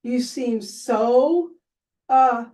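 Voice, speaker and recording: A woman hosts a children's program, speaking to the young viewers in a high voice and at an unhurried pace. She is animated and exclaims often, and her voice sits a little back from the microphone. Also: distant mic, poor audio. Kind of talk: children's show presenting.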